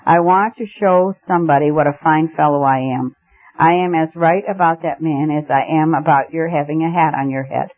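A man reading aloud as a calm retired judge who speaks in a low, measured, placid way. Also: no room sound, lightly acted. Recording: muffled lo-fi recording.

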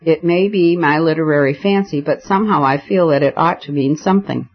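A firm gentleman speaks with calm, dry restraint, as a male narrator puts him on. The voice is a little high for a man. The audiobook sound is dull and lo-fi. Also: fairly quick. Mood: restrained.

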